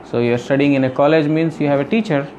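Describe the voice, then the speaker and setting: A man's voice: on the high side, steady tone, fast, darkish tone, a little hiss or hum. A man giving a devotional scripture lecture, explaining earnestly and repeating phrases with frequent "you know". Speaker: spiritual teacher.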